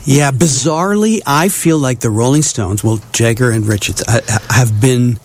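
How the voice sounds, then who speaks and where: A man's voice: medium pitch, moderate pace. A man co-hosting a radio show, chatting about music in a thoughtful, easygoing way with frequent fillers. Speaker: radio co-host. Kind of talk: casual music talk.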